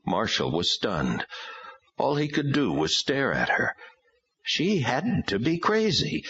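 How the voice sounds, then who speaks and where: A man's voice: rumbling low, big pitch swings, moderate pace, fairly bright tone, slightly rough, dry recording. A man narrating an audiobook and voicing its dialogue. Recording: dull lo-fi audio.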